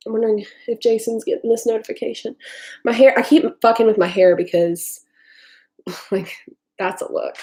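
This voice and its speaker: A woman from Tennessee talks loosely to her live-stream viewers from her kitchen. Her voice sits at an ordinary mid pitch, and she rambles with plenty of "like" and "um" and casual swearing. She is picked up by a desktop computer mic. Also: fairly even intonation, normal speed, long pauses, darkish tone. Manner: rambling, profane, lots of "like" and "um". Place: home kitchen.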